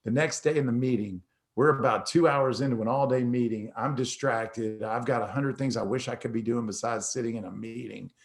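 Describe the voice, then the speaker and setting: A man's voice: mid-range voice, a little fast. A middle-aged man hosting a talk, telling a personal story in a casual, conversational way and acting out the dialogue. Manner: animated storyteller who acts out dialogue. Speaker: host.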